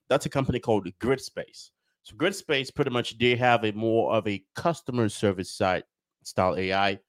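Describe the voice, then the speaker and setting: On his casual podcast, this host wanders from point to point, repeats himself and fills gaps with lots of fillers. His upbeat delivery resembles a sales pitch, captured in a dry recording.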